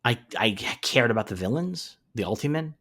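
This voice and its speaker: A man's voice: mid-range voice, animated, fairly quick, fairly bright tone. A man co-hosting a casual podcast, recapping a cartoon episode in a rambling way, with many fillers and the odd swear word. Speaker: podcast co-host.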